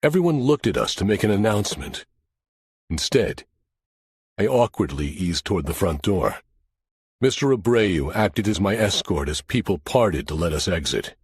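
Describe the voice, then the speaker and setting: A man giving an expressive, first-person audiobook narration of a crime thriller. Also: on the low side, slightly rough, dry recording, clean studio sound.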